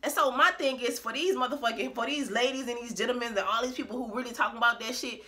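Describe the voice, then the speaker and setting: Woman vlogger, casual rant, profane and blunt, forceful bright voice, slightly high. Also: steady tone, quick pace. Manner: profane, blunt and emphatic, laughing between points.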